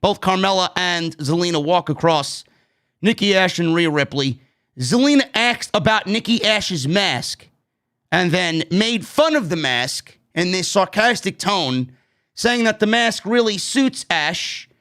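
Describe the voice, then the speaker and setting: A high, bright-toned man talking through a wrestling show review. He is blunt and profane, and he sounds openly exasperated with choices he doesn't like. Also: lively intonation, a little slow, clear, resonant tone. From New York. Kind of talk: casual opinionated review.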